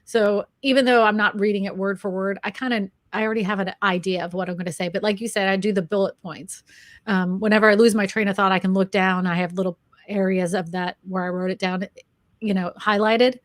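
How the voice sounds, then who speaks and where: A woman's voice: mid-range voice, fairly even intonation, fairly quick, dry recording. Woman co-host, chatty and self-deprecating, laughs a lot, dry close sound. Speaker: co-host, real estate agent and YouTuber. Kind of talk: casual chat.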